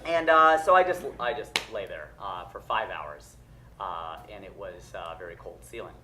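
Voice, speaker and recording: A man telling a funny personal story live, self-mocking and lively, with lots of ums and uhs. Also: low-pitched, moderate pace. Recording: echoey stage room with loud noise.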